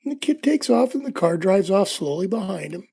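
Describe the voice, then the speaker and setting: A man chats with his livestream viewers while lockpicking, telling laid-back, rambling stories packed with fillers. His voice is high and sing-song, fairly quick, creaky and mellow, with a breathy edge.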